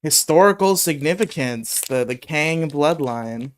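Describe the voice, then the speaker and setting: A man's voice: a little high, animated, unhurried. A young man hosting a live talk show, joking, swearing freely and laughing often. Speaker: podcast host. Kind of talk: casual chat on a live show.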